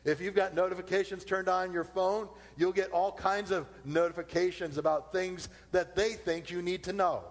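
A man preaching a sermon, slowing down to repeat his key points. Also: sits high, fairly even intonation. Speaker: pastor. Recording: long hall reverb.

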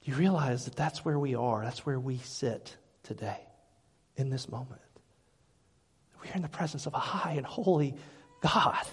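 A pastor with a drawl delivers a sermon in a rather high voice. He swings between loud, fervent peaks and hushed asides, doubling back over his words. The long reverb of a church hall trails behind him. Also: animated, moderate pace, long pauses, breathy edge. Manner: fervent preaching, loud swells then quiet asides; repeats words when restarting. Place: church sanctuary.

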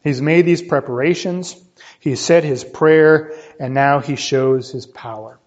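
A man with a high voice delivers a teaching sermon, walking listeners through a passage and tossing in "right?" as he goes. His voice lifts higher when he drives a point home. The recording sounds muffled and lo-fi. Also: a little slow, darkish tone. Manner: teaching, often checks with "right?", rises in pitch for emphasis. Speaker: pastor. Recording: dull lo-fi sound.

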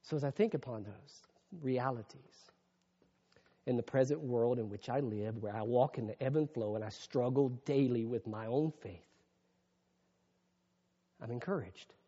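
A man's voice: medium pitch, slightly rough. Man preaching in a reverberant hall. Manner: swings from hushed reflection to raised emphatic preaching. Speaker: pastor. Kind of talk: sermon. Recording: muffled long-reverb hall sound.

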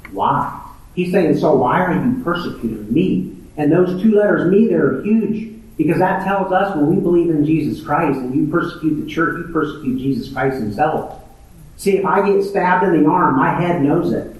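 A man's voice: a little high, a little mellow. A man preaching a sermon, emphatic and fond of repeating phrases for stress. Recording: very echoey room, distant mic.

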